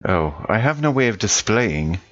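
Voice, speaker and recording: A composed synthetic crewman from a tabletop adventure, voiced by a man. He speaks low and deliberately, with no rush. The recording is a little dull and muffled. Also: sing-song, fairly bright tone. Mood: calm. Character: calm synthetic male crewman who jacks into machines.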